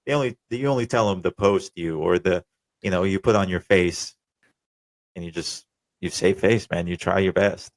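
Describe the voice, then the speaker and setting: A young man with a fairly low voice hosts a casual podcast. He talks in a relaxed, profane way and stops to explain jargon for listeners. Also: moderate pace. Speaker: podcast host.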